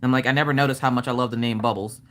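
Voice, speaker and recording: A woman hosting a casual craft livestream, upbeat, calling out viewers by name and swinging her pitch up and down as she chats. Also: steady tone, racing. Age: adult, her father watches. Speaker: livestream host greeting chat. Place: home craft room.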